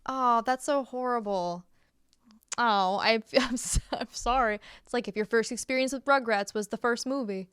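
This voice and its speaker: A woman's voice: a little high, normal speed, a bit bright, clean tone, dry recording, studio quality. A woman co-hosting a casual podcast chat, talking with lots of fillers and restarts and laughing often. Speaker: podcast co-host.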